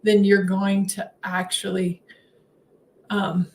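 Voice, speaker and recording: A woman hosting a spiritual livestream, telling her story casually and animatedly with frequent laughs. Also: takes it slowly. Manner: chatty, laughs often between sentences; animated, swings her voice up high when acting out her own replies.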